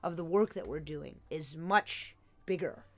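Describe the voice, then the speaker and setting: A woman's voice: low voice, a little slow. A young woman joins a podcast as a guest in a basement studio, chatting with enthusiasm and laughing often. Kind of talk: casual chat.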